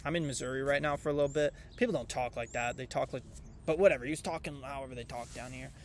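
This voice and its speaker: A man's voice: medium pitch, quick pace, slight background noise. A young man rambling casually and irreverently to camera in a vlog, with many fillers. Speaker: vlogger reviewing piano books. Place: outdoors.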